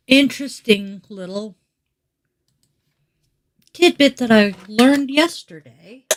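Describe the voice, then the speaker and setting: A middle-aged woman live-streaming a daily tarot reading from home, chatty and meandering, with asides to her pets. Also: a little high. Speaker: tarot reader and yoga teacher.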